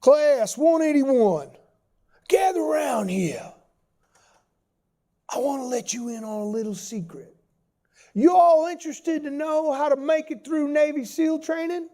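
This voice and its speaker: A man playing a gruff older male SEAL instructor with a Southern accent, talking in a drawling, menacing, folksy way. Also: very high voice, animated, unhurried, long pauses, dark tone, voice pushed up, exaggerated voice. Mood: beckoning.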